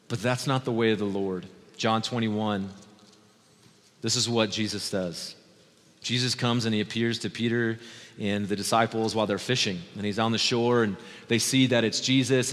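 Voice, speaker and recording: Male pastor preaching in a reverberant church. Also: lowish voice. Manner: conversational preaching that swings between brisk asides and slow, hushed emphasis. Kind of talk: sermon. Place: church sanctuary. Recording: long hall reverb from a church.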